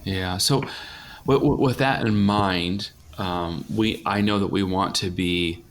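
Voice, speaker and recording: A middle-aged man with a low voice hosts a casual podcast conversation, telling stories in a rambling, chatty way with many restarts. A faint hum sits behind him. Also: steady tone, slow. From northern United States. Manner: chatty storyteller, frequent restarts, laughs while telling stories. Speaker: podcast host.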